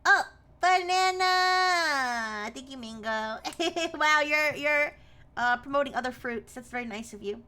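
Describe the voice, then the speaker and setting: A woman's voice: sits high, normal speed, sharp tone. A young woman streaming a game live, chatting casually and laughing often as she greets viewers by name.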